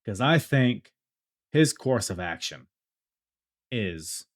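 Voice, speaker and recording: A man's voice: on the low side, lively intonation, slow pace, dry recording, studio quality. Laid-back man rambling about wrestling. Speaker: podcast host. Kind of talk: casual wrestling review.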